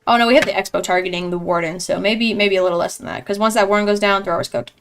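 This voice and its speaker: A young woman giving live esports commentary in a chatty, excitable way, reacting loudly to each play. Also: mid-range voice, quick pace, slight background noise. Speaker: esports caster.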